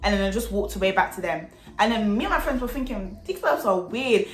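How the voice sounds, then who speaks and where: A woman's voice: mid-range voice, fairly quick, echoey room. A young woman telling a storytime vlog in chatty slang, often asking "do you get it". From England. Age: young adult. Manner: chatty, animated, peppered with slang and tag questions. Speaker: storytime vlogger. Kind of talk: casual storytelling.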